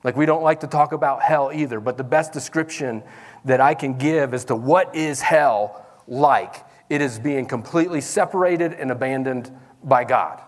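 A man's voice: mid-range voice, moderate pace. A man preaching a sermon as pastor in a church service, talking in a conversational way and calling out to the congregation.

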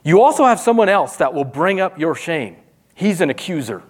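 A man delivers a sermon in a notably high voice. His preaching is animated and conversational, and he jumps into quoted voices to act them out. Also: normal speed. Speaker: pastor.

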